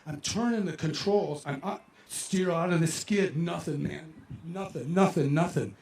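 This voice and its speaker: A man in his sixties telling a personal story live to an audience at an outdoor amphitheater, animated and emotional as he acts out his own reactions. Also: on the high side, measured pace, reverberant.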